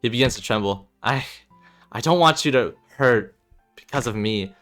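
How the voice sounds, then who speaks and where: Dude doing a tired guarded young guy in a game, quiet and low, crisp bright mic. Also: expressive, moderate pace, faint music behind, lightly acted. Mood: subdued. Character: troubled young man, guarded and weary.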